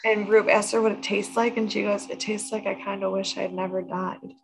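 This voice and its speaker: A woman's voice: medium pitch, little pitch movement, a little fast, gravelly. A woman co-hosting a podcast, recapping a TV episode in casual chat, thoughtful and often correcting herself mid-sentence. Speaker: podcast co-host.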